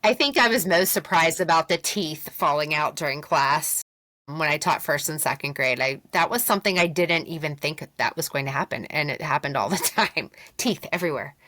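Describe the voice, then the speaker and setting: A woman in her thirties, a teacher and podcast co-host, chatting casually in an expressive, reassuring way. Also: deep voice, normal speed, no echo. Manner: expressive, reassuring, laughs easily. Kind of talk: casual chat.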